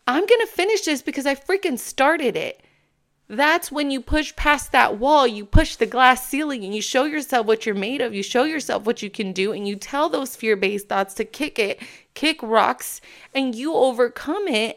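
A woman giving a casual motivational talk, animated and emphatic, acting out her own inner thoughts in a self-assured way. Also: on the high side, unhurried. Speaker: motivational vlogger.

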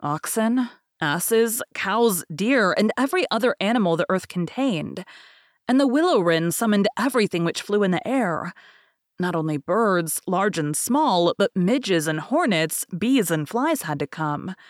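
A woman reading a fairy tale aloud in a measured, expressive storybook manner. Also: mid-range voice, no echo, clean studio sound. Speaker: podcast host and reader. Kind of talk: storybook narration.

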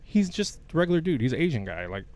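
A man's voice: on the high side, big pitch swings, fast talker, darkish tone. A man co-hosting a casual chat, chatty and eager to explain movie plots.

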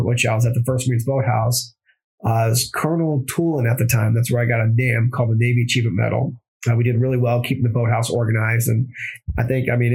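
A husky-voiced man tells his story at a rapid clip, circling back and correcting himself as he goes. He is a plumber and former Marine chatting casually in an interview. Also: mid-range voice, darkish tone, low-quality recording. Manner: rambling, with restarts and self-corrections.

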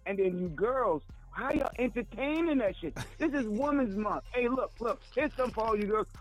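High-voiced man ranting loudly over phone. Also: animated, normal speed. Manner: loud, stammering, cursing rant. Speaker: radio show co-host calling in. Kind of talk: profane comic rant. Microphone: phone call. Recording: phone line with music behind.

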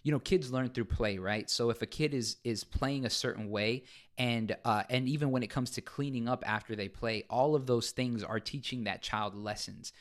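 A man in a casual chat about parenting, explaining in a measured way with fillers and restarts. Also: medium pitch.

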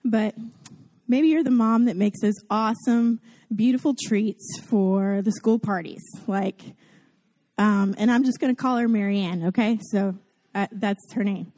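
A mother with a Southern US accent giving a casual, chatty Mother's Day sermon to her church, self-deprecating and lively in how she tells it. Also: medium pitch, measured pace. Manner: chatty and self-deprecating, acts out gushing voices. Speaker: guest preacher at a church service.

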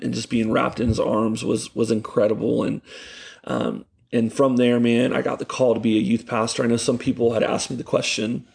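A youth pastor appearing as a podcast guest tells stories in a gravelly, mid-range voice. His casual storytelling chat is animated, full of laughter and plenty of fillers.

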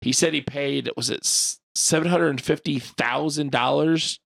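A podcast co-host telling a long, rambling story in casual chat, full of "like" and the odd swear word. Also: male voice, fairly high pitch, steady tone, measured pace, creaky, fairly bright tone.

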